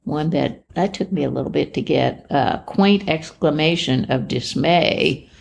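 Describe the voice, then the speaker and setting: A woman co-hosting a podcast, speaking softly with short affirmations and quiet laughs in casual chat. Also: deep voice, measured pace, vocal fry, a little hiss or hum. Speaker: podcast co-host. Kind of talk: casual chat about crosswords.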